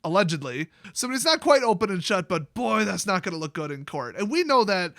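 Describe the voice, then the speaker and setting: A man rants through a casual commentary video in a high, bright voice. His delivery is sarcastic and mocking. The close mic sounds dry, with no room around him. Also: very animated, brisk, no room sound. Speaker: commentary channel host.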